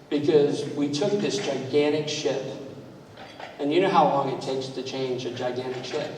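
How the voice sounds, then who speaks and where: A man's voice: medium pitch, darkish tone. Story-telling man in an echoey hall. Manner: conversational, storytelling, quizzes the audience. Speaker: speaker at a club training event. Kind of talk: anecdotal speech to an audience. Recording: echoey hall, mic far off, faint noise.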